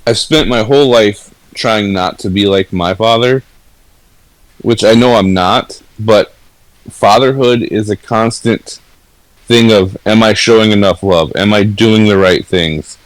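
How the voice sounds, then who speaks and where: A man in his forties with a lower voice talks earnestly and a bit ramblingly, laughing easily between thoughts. The recording is dry and close, with no room sound. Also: a little slow, no echo, rough recording. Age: 40s. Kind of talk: casual candid conversation.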